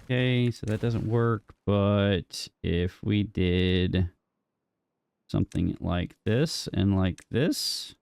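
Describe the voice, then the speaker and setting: A gaming streamer casually narrates his own gameplay, thinking aloud, talking to himself and joking with the game while he builds. His voice is fairly low, slow and creaky, a little mellow, with a clear, resonant tone and no echo.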